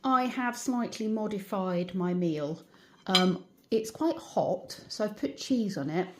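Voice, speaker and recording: A woman's voice: medium pitch, expressive, slow pace, background noise. A woman with a British English accent chatting casually to camera at home, rambling a little with fillers, tired and yawning. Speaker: vlogger. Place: at home and in her garden.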